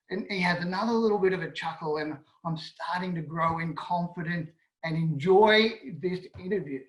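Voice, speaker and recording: A man's voice: high-pitched, normal speed. Echoey man telling a story. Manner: lively, self-deprecating storytelling. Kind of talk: personal story told to an audience. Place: home, indoors, online event. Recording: roomy echo on an online call.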